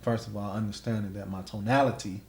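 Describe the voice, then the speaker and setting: A man's voice: lowish voice, steady tone, fast talker, reverberant. A man hosting a podcast in casual interview chat, emphatic and fond of saying "like" and "right?". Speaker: podcast host.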